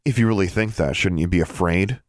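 A man voicing a defiant, quick-tempered teenage witch girl with sharp, indignant outbursts in a storybook reading. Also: deep voice, dry recording, studio quality, lightly acted.

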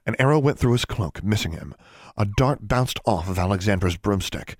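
A man with a low voice reads a fantasy story aloud at an even, steady pace. The recording is dry, with no room sound. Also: normal speed, no room sound. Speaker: audiobook narrator. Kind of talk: scripted narration.

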